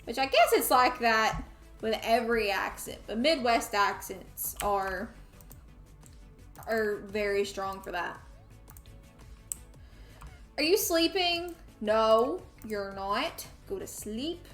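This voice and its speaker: A young woman from Tennessee chats casually during a game stream in a Southern accent, turning from her viewers to the game's characters and back. Her pitch is medium and her pace slow, with a fairly bright tone, and the room echoes over faint background music.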